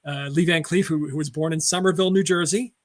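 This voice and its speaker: Rambling man with fillers, raised pitch. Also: steady tone, quick pace. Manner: rambling, many fillers and self-corrections. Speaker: podcast co-host. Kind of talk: casual film chat.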